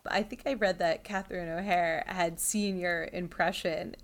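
A woman's voice: on the low side, fairly even intonation, moderate pace. A woman interviewing a guest, enthusiastic and chatty. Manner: warm, enthusiastic fan of the guest. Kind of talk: casual interview.

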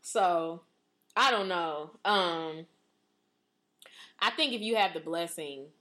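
A young woman co-hosting a podcast in casual chat, slangy and animated, acting out the reactions she would have. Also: on the low side, slow pace. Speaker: podcast co-host.

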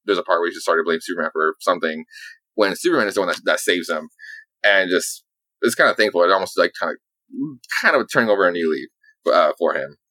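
A man's voice: low voice, fast, pushed and bright, no room sound, poor audio. A man in casual chat, rambling through comic book stories with lots of fillers and swearing.

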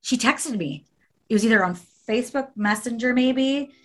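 A woman's voice: a little high, normal speed. A woman in casual conversation who tells a story emphatically, repeating phrases and swearing.

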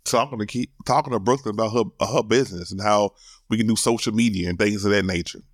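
A man's voice: lowish voice, fast, no room sound, studio quality. A middle-aged man hosting his own solo podcast, talking candidly and emotionally, cursing casually and repeating words as he builds his point. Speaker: podcast host.

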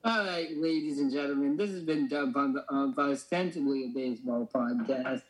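A man's voice: medium pitch, low-quality recording. A man hosting a casual podcast, bantering and tossing in jokes and asides. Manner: joking, quick asides. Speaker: podcast host.

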